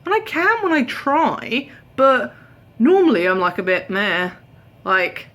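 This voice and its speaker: A woman's voice: mid-range voice, takes it slowly, long pauses. Tired chatty British woman vlogging. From Britain. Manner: animated storytelling, acting out quoted voices, drops to a whisper. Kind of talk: casual chat. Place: home. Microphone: camera held at arm's length.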